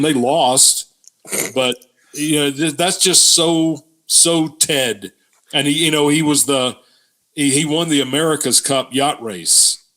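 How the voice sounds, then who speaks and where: A man from Georgia in the US, a podcast guest telling relaxed anecdotes in casual chat. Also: fairly high pitch. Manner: relaxed anecdote teller, many "you know" fillers.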